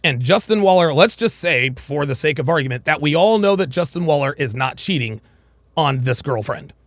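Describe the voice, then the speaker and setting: A man with a high, gravelly voice rants bluntly and crudely, his pitch swinging all over the place. The sound is dry and close, with no room around it. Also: expressive, moderate pace, a bit bright, no room sound. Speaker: reacting commentator. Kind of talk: heated reaction commentary.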